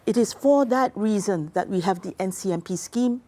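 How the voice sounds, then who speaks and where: Formal, mellow-voiced woman. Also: medium pitch. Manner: deliberate, formal and precise. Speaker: policy research expert guest. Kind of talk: explanatory interview talk.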